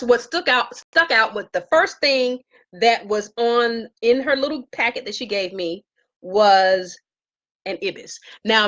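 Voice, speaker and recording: Animated woman telling a story live. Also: dull audio. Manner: animated, acts out quotes in a high voice. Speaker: live-stream vlogger. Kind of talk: casual storytelling to live viewers. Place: home with herbs around.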